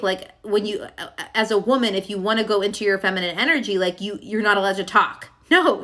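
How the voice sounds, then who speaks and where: Young woman, higher-pitched and bright, chatty coaching vlog delivery, lots of filler tags. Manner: chatty and emphatic, full of "like" and "okay?". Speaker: love coach. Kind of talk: casual teaching monologue to camera.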